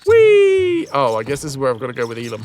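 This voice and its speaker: A man's voice: medium pitch, steady tone, racing. A man giving casual, joking gameplay commentary as a streamer, swearing freely.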